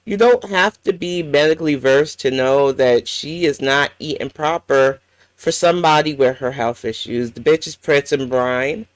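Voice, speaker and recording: A woman's voice: very deep voice, moderate pace, no echo. A woman hosting a reaction commentary, ranting bluntly and swearing often. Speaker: commentary channel host.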